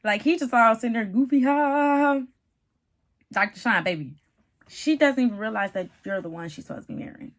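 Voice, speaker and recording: A woman giving a casual, animated reality-TV recap, chatty and calling the viewer "honey" and "baby". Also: medium pitch, quick pace. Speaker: TV show reviewer.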